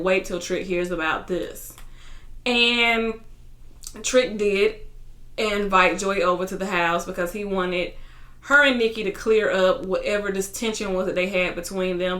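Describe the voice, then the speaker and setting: A woman with a bright, sharp voice chatting through a reality show recap. She retells scenes in quick paraphrased quotes. Her voice rings in an echoey room. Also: mid-range voice. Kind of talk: casual episode recap.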